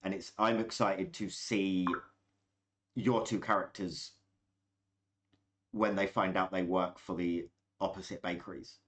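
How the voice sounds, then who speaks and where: A man chatting calmly as game master, explaining his choices in long flowing sentences. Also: low voice, measured pace, pauses often. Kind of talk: casual chat.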